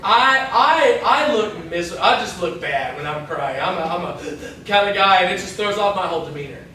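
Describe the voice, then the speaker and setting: Bright-voiced man teaching Bible class. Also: sits high, expressive, moderate pace. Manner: chatty, self-interrupting, jokey asides. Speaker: youth pastor. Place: church hall. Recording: echoey hall from far off.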